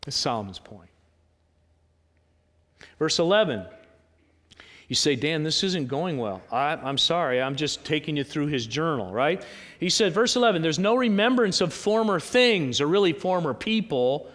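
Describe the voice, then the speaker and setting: Animated preaching man, reverberant church. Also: fairly high pitch, normal speed. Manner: conversational, animated, rhetorical questions. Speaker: pastor. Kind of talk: sermon. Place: church sanctuary with congregation.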